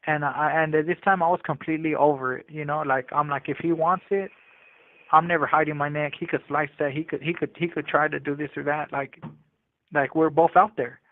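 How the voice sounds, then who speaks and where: Over a tinny, dry prison phone line, a man with a slightly high, steady voice tells a story from his own life at a fairly quick pace. He uses casual street slang and often restarts his sentences, with no echo.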